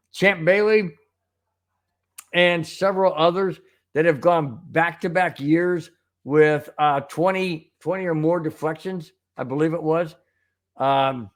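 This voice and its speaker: A man with a high voice that swoops all over as he hosts a fan sports show. He rants emphatically, repeating his points with exasperated force. His talk is a spontaneous monologue to his viewers.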